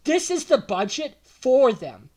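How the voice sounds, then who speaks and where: A man's voice: very high voice, sing-song, takes it slowly, darkish tone. A young man from Alberta delivering a heated, emotional political rant, repeating himself and turning sarcastic. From Alberta, Canada. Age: young adult. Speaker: political vlogger.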